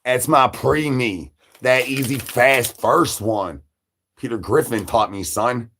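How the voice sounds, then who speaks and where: Husky man rambling as a hungry zombie. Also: medium pitch, takes it slowly, fairly bright tone. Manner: repetitive sing-song catchphrases, crude jokes. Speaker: livestream host. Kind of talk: rambling livestream banter in a hungry zombie persona.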